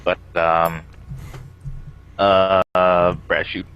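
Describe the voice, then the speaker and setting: A man's voice: low-pitched, level tone, extremely slow, highs cut off, a little hiss or hum. A young man co-hosting a podcast over a video call, rambling casually with lots of fillers. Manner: rambling, many fillers and likes. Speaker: podcast co-host. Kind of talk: casual chat.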